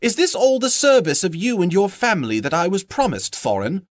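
A man's voice: huge pitch swings, fairly quick, dry recording, studio quality. A man voicing a small, fussy and polite male hobbit in a raised, fluttery voice. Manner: fussy, polite, higher-pitched. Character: small frightened but plucky male hobbit.

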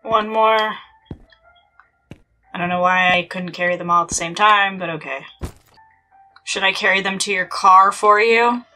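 A woman's voice: mid-range voice, steady tone, measured pace, pauses often, sharp tone. A young woman chatting playfully through a horror game, with exasperated asides. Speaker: gaming channel host. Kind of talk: let's play commentary. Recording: faint game music behind.

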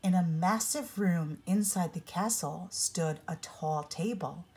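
Slow, husky older woman reading a storybook. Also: fairly low pitch, a little mellow. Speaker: storybook reader. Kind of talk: read-aloud children's story narration.

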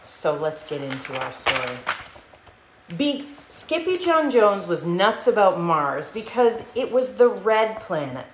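A woman hosting a livestream, reading a children's picture book with an animated, sing-song manner. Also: medium pitch, takes it slowly, echoey room. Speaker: host.

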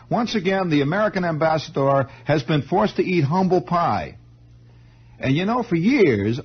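Husky-voiced man spinning a rambling radio yarn. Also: mid-range voice. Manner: digressive, animated, self-interrupting with stammered restarts. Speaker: radio host. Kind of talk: rambling storytelling monologue. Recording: muffled 1960s radio broadcast.

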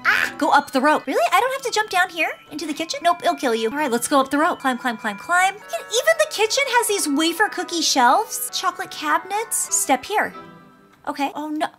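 Female gaming host, high bouncy voice, excitable play-by-play, faint game music underneath. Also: moderate pace. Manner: excitable, gushing running commentary. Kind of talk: gameplay commentary.

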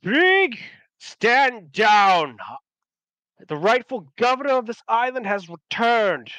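A man's voice: a little high, steady tone, brisk, sharp tone, clean tone, no room sound. A man voicing an authoritative rightful governor. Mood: commanding. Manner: authoritative orders.

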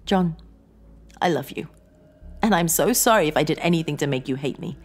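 A woman's voice: low voice, animated, moderate pace, voice pushed up. A woman voicing a tearful, pleading wife in a horror story, emotional and shaky. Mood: pleading, hurt. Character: tearful, pleading woman facing her divorce.

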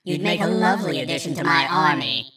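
A woman's voice: rumbling low, expressive, brisk, far from the mic, loud music behind the voice. A woman voicing a smug, condescending female necromancer villain who taunts her foe. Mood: taunting.

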